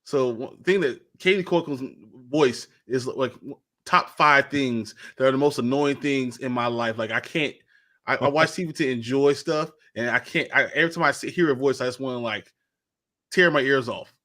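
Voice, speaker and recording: A man's voice: mid-range voice, moderate pace, bright, forceful tone. A man co-hosting a casual live chat show, rambling, with frequent laughs and repeated starts. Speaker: co-host.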